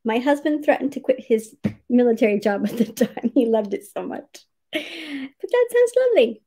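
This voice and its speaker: A cheerful woman hosts a livestream from home, greeting viewers one by one and reading their comments aloud. Her voice sits high and swoops up and down with lively expression, and she laughs often between names. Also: moderate pace. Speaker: livestream writing sprint host.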